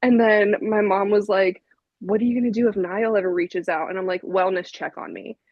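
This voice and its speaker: Animated young woman telling a story. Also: medium pitch, fairly quick, no echo, lo-fi sound. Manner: animated, laughing, frequent "like" fillers. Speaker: podcast guest, vinyl collector. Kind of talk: casual podcast storytelling.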